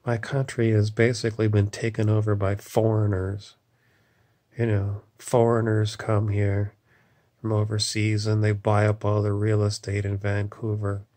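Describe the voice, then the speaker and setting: A man's voice: lowish voice, monotone, a little slow, dark tone. A man in an angry, rambling political rant, swearing often and leaning on "you know". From Canada.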